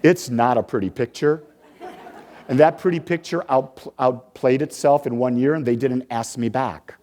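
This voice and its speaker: A man's voice: medium pitch, normal speed, a little mellow, some chatter behind. A minister in his fifties from the Detroit area gives a sermon, telling stories with playful asides and building his points through repetition. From Detroit area, USA.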